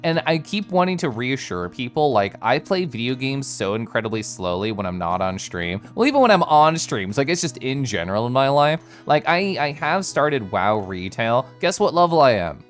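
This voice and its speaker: A man's voice: medium pitch, very animated, normal speed, hardly any pauses, faint music behind. A man streaming live, chatting casually and greeting viewers by name in a bubbly, giggly way. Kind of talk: casual chat reading viewer messages.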